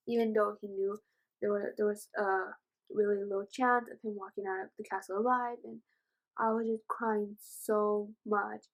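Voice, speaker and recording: A woman retelling a novel's plot in a casual book review vlog, gushing and excitable, with rambling asides and many fillers. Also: medium pitch, moderate pace, low-quality recording. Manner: gushing, excitable, says "oh my gosh" often.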